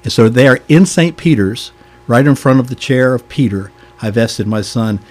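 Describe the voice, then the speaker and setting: Older Southern man, husky voice. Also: mid-range voice, lively intonation, normal speed, a little mellow. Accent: Southern American. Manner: folksy, chuckling storyteller. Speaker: deacon. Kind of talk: storytelling in a podcast interview.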